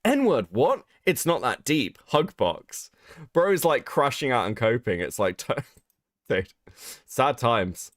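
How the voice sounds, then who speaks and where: A man's voice: mid-range voice, sing-song, takes it slowly, dry recording, clean studio sound. A British man hosting a casual livestream, sarcastic and swearing a lot, reading chat and reacting to screenshots. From Britain. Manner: sarcastic, swears a lot, mocking voices when quoting others. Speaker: streamer host.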